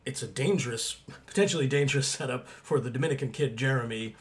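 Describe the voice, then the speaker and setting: A man co-hosting a podcast about a TV drama. He speaks in a measured, thoughtful way, with a voice of middling pitch. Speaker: podcast co-host. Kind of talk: analytical casual discussion.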